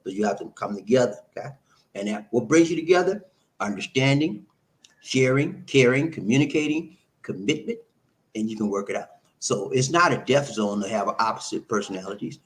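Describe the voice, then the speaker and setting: A middle-aged man talks through relationship advice on a live stream, loose and conversational. He laughs often, repeats his points and swings between easy chat and animated emphasis. His voice sits at an ordinary pitch. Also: fairly quick. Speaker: host answering viewer comments.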